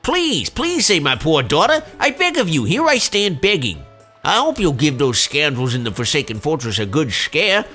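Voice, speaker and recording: A man's voice: on the high side, wildly swooping pitch, moderate pace, bright, forceful tone, soft background music, pitched above the performer's own voice, full character voice. A man doing a wailing old father. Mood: melodramatic. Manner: melodramatic and wailing. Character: woeful old father pleading for his kidnapped daughter. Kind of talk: let's play voicing game dialogue.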